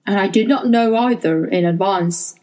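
A woman voicing a weary, gentle old man who speaks gravely and sadly. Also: medium pitch, normal speed, natural voice, poor audio.

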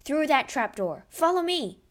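A woman reading a storybook aloud and voicing a brave young male count who shouts in alarm. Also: medium pitch, animated, normal speed, close to an everyday voice. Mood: urgent.

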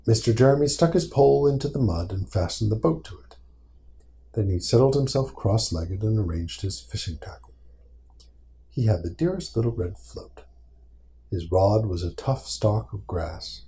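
A father with a deep, warm, mellow voice reads a storybook aloud to his small child. He is gentle and patient, pausing now and then to answer the little one's questions before reading on. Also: lively intonation.

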